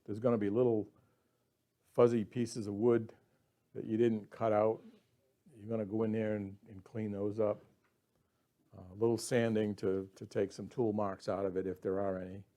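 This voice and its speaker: A man's voice: on the low side, level tone, moderate pace, dark tone. A man demonstrating woodturning, explaining his steps in a folksy way and restarting words as he thinks aloud. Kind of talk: instructional demo explanation.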